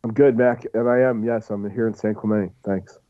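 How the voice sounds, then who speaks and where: A man joining a podcast remotely, telling rambling, animated stories in casual chat. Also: on the low side, normal speed, dry recording, lo-fi sound. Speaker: podcast guest. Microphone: headphones in, remote call.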